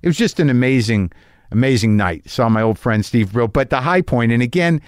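A man's voice: medium pitch, expressive, a little fast, smooth, dry recording, studio quality. A middle-aged man hosting a podcast, talking in a casual solo monologue, rambling and self-deprecating with plenty of restarts and fillers. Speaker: podcast host.

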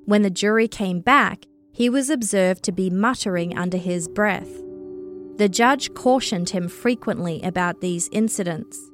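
A woman narrating a true crime story in a measured, scripted storytelling delivery. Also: mid-range voice, faint music behind.

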